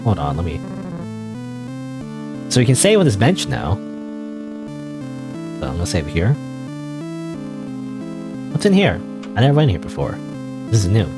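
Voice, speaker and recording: A man's voice: fairly low pitch, wildly swooping pitch, unhurried, long pauses. A young man casually commenting while playing a game, musing aloud with restarts. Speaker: let's play gamer. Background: faint game synth music.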